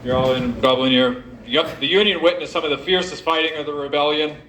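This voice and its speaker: A man's voice: a little high, a little fast, a bit bright, slight background noise. Jokey man telling a history talk. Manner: jokey, directs audience volunteers. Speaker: event speaker. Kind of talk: informal historical talk to a live audience. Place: pub event room. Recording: echoey room recording.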